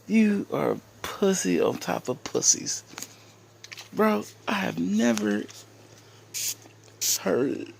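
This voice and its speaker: A man's voice: medium pitch, creaky, slight background noise. A man in a taunting roast rant, dragging his words out. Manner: taunting, drawn-out. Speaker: vlogger.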